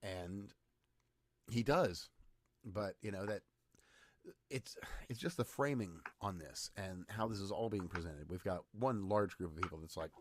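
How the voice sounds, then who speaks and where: A man's voice: sits low, normal speed, dry recording. A man on a podcast talking in a rambling, sardonic way in casual chat. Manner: rambling, sardonic, hesitant restarts. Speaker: podcast co-host.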